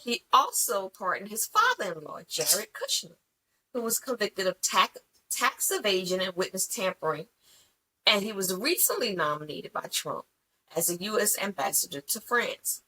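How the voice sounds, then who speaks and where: A woman co-hosting a podcast with a lively, swooping delivery and a bright, forceful tone. She talks bluntly and drops profanity easily, telling stories in a loose, casual chat. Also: medium pitch, moderate pace, rough recording. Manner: blunt, profane, animated storytelling. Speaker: podcast co-host.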